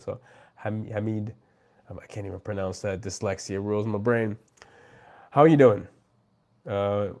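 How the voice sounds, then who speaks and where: A man's voice: fairly low pitch, a little mellow. A man hosting a casual live stream, chatting with viewers in a rambling, friendly way full of fillers.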